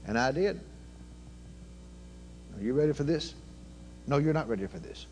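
An older man preaching a sermon in a fervent, folksy manner, swinging between loud exclamations and low murmured prayer. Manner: folksy, with plain everyday grammar. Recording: faint hum behind the voice.

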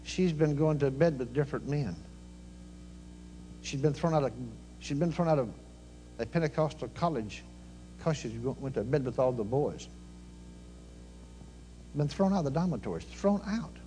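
A man preaches a storytelling sermon in a fairly high voice. He talks in a folksy way, acting out each character and swinging from hushed asides to loud, ringing cries. A faint hiss sits under the recording. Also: lively intonation, moderate pace, long pauses. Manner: folksy, acts out dialogue with big swings from quiet to shouting.

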